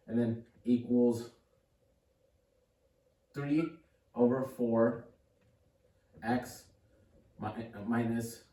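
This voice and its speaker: A man's voice: medium pitch, darkish tone. A man giving a casual, upbeat math lesson at a board, thinking aloud and encouraging the viewer. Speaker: math tutor. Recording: echoey room, mic at a distance.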